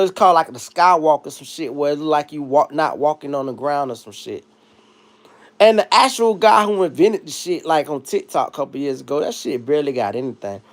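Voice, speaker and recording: High-voiced man ranting on a livestream. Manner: animated, profane, joking rant. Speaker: livestream host. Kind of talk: casual livestream commentary.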